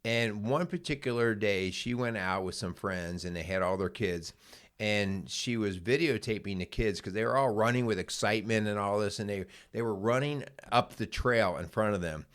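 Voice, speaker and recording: A middle-aged man with a lowish voice talks casually on a podcast, winding through his story with fillers and restarts. He speaks the way a co-host chats with his partner. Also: normal speed, a bit bright. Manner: rambling, with many fillers and restarts.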